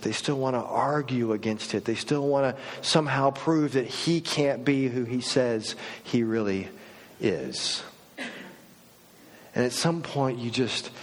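A middle-aged male pastor preaching a sermon, swinging from loud mock outbursts to soft, low reflection. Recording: long reverb of a large hall.

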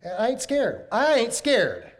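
High-voiced, folksy male preacher. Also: wildly swooping pitch, measured pace. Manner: folksy, emphatic preaching with repeated phrases. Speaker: pastor. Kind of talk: sermon.

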